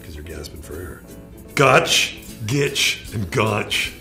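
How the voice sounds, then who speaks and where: A man's voice: lowish voice, big pitch swings, slow pace, pushed and bright, faint music behind. A man, joking through a list of slang words and slipping into folksy voices for the examples. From Canada. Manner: playful, slips into folksy voices for example phrases. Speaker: celebrity in a magazine video clip. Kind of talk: comic explainer of slang.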